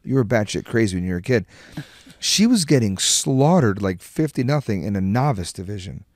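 A man, a podcast guest, tells a story with animated, profane energy. His pitch swings widely from line to line. The sound is dry and close. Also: brisk, no echo. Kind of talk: casual chat.

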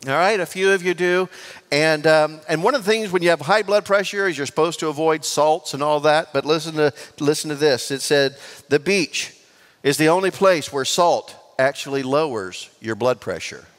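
A man, preaching a lively sermon full of jokes and questions to the congregation in a large church. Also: a little high, moderate pace. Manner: lively and joking, asks the congregation for responses. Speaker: pastor. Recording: long church reverb.

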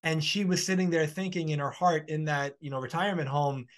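Guy on a podcast telling a heartfelt story, kinda high voice, earnest and flowing. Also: fairly even intonation, fairly quick. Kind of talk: podcast conversation.

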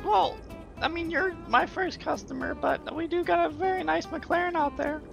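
Brief: man playing a squeaky, gravelly, flirty car saleswoman in a game role-play, music behind. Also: normal speed, heavily acted. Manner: pleading, suggestive sales patter.

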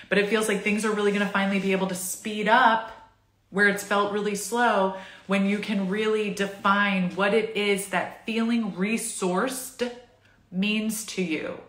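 Bright, bubbly woman reading tarot. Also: medium pitch, reverberant. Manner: bubbly and chatty, laughing often. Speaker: tarot reader. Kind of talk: casual tarot reading to camera.

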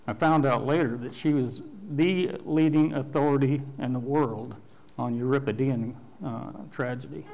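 Slow-speaking older male pastor preaching. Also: medium pitch, creaky, a little mellow, a little hiss or hum. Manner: slow, deliberate teaching with pauses and restarts. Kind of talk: sermon. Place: church sanctuary.

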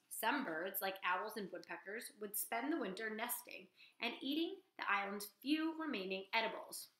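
Woman teacher reading a kids book out loud, bright voice, kinda echoey room. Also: mid-range voice. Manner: lively storyteller, questions to listeners. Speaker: teacher reading aloud to a class. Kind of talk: read-aloud lesson.

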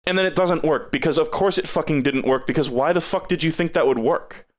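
A man's voice: a little high, brisk. A man streaming a game review, talking casually with lots of swearing and exasperated sarcasm.

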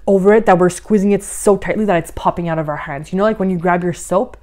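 A woman's voice: lowish voice, fairly even intonation, quick pace. A woman life coach talking through a podcast lesson in an encouraging way, often saying "like" and a little out of breath. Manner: warm, encouraging, uses many "like" fillers. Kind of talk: podcast monologue, guided coaching.

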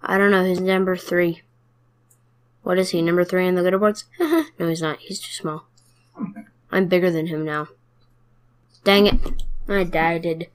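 A woman's voice: on the low side, steady tone, measured pace, long pauses, fairly bright tone. A woman giving casual let's play commentary, chatting and playfully trash-talking her opponents. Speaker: gamer.

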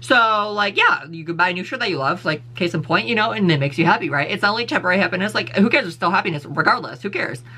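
Brief: male vlogger, rapid sassy profane rant, bright tense tone. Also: sits high, animated, husky. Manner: sassy, profane, blunt ranting. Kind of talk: casual opinion rant.

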